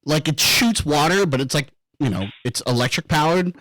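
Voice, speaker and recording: A man hosting a podcast in casual chat, excitable, laughing often and swearing a lot. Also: on the high side, moderate pace, no echo, poor audio. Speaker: podcast host.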